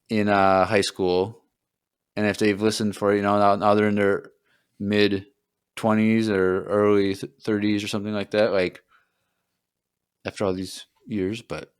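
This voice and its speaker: Young male podcast co-host, smooth low voice, loose rambling chat. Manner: rambling, acts out quotes with a jump in pitch. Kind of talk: casual chat.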